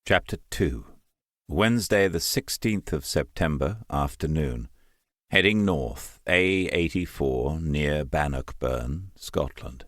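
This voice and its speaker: A man narrates a thriller audiobook with emotive, dramatic delivery. His voice sits very low, close and dry. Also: lively intonation, takes it slowly, fairly bright tone, no echo.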